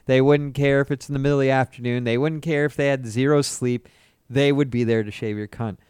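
A man's voice: medium pitch, fairly even intonation, a little fast, a little mellow, smooth, no echo, clean studio sound. A man hosting a podcast with laid-back, crude, teasing banter. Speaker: podcast host. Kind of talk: casual chat.

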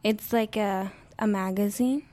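A woman's voice: mid-range voice, fairly even intonation, a little slow, mellow. A woman from the United States, a podcast guest, telling a rambling story in casual chat with many fillers. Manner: chatty storytelling with frequent fillers and laughs.

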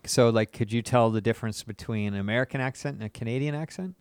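A man's voice: mid-range voice, quick pace, a little mellow, smooth, dry recording. A man hosting a casual podcast interview, teasing his guest with crude jokes. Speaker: podcast host.

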